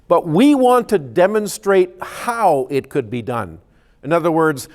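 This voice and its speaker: A man who is a scientist, giving an explanatory public presentation with slides and often repeating words as he restarts a sentence. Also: a little high. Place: community meeting room.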